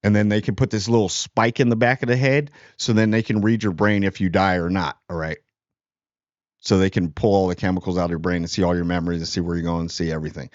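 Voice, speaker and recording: A man's voice: low voice, fairly even intonation, fast talker, dry recording, muffled recording. A man giving a casual, rambling movie review, sarcastic and full of fillers.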